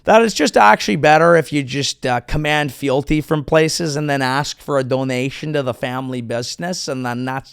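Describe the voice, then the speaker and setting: A man's voice: a little high, moderate pace, gravelly, hardly any pauses, clear, resonant tone, dry recording, studio quality. A male comedian hosting a show, delivering a sarcastic, profane political monologue. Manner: sarcastic, animated, profane ranting. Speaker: comedian host.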